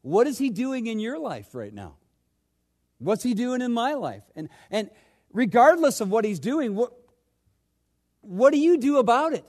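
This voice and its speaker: A male pastor preaching a sermon, swinging between loud urgent questions and hushed, low asides. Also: big pitch swings, measured pace, pauses often.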